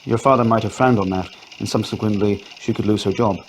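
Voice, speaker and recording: Male reader doing a tired, methodical inspector, lowish and steady. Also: fast talker, slight background noise, close to an everyday voice. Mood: patient. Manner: patient, questioning. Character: weary police inspector, patient and methodical.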